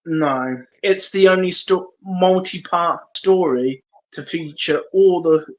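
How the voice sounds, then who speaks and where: Slow-talking man, dull lo-fi sound. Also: high voice. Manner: hesitant, reads out trivia. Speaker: podcast co-host. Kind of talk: casual chat.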